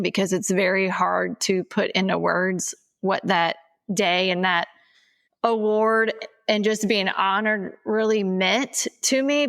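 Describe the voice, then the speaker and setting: A woman co-hosts a casual podcast, talking candidly at a middle pitch. Her voice carries a noticeable gravelly fry. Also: fairly bright tone. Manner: candid, teasing then earnest. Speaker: podcast co-host. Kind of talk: casual chat.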